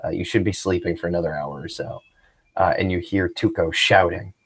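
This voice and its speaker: Low-voiced man game master. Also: fairly even intonation, a little fast, husky. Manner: casual, hesitant, many fillers. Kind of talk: narrating a tabletop game.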